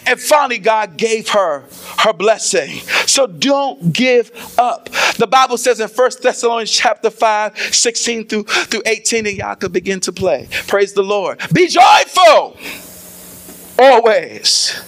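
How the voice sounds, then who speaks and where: High-voiced impassioned preacher man. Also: a little slow. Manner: impassioned, repeats phrases and swells into shouts. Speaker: pastor. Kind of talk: sermon.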